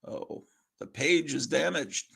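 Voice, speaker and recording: Gravelly, slow-talking man host. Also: fairly high pitch, a bit bright. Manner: rambling, self-deprecating, swears under his breath. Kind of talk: casual livestream comic-book reading.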